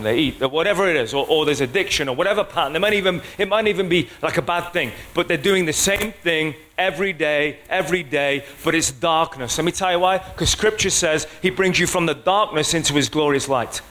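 A man's voice: a little high, a bit bright. A man preaching a sermon in a conversational way, often checking in with the congregation.

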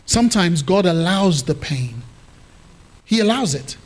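High-voiced playful preacher man. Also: animated, unhurried, husky. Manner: playful, teasing the congregation. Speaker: pastor. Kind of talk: sermon. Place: church hall with congregation.

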